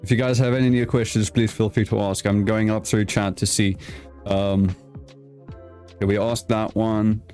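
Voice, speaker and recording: A man's voice: fairly low pitch, little pitch movement, moderate pace, a little mellow, soft background music. A young man hosting a casual interview, playful and teasing, often stammering and restarting. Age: young adult. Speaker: host.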